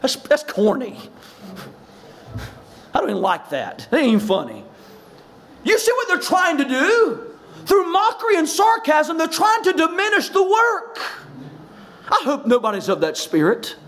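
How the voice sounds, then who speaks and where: A man's voice: very high voice, huge pitch swings, measured pace, pauses often, fairly bright tone. A man preaching a sermon as pastor of a church, often raising his voice for emphasis and acting out quoted lines.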